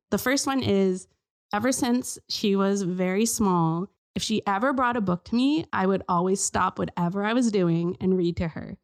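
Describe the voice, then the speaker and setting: A woman in her thirties hosting a casual podcast conversation. Her delivery is animated and playful, and she slips into silly voices when she makes a point. Her speaking pitch sits in an ordinary middle range. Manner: animated, plays with silly voices while telling parenting tips. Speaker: podcast host. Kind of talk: casual chat.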